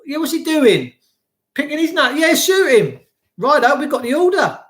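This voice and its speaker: A man's voice: very high-pitched, sing-song, moderate pace, fairly bright tone, pitched above the performer's own voice, heavily acted. A man putting on offhand coppers. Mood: mocking. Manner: offhand, mocking. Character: callous male police officers following orders.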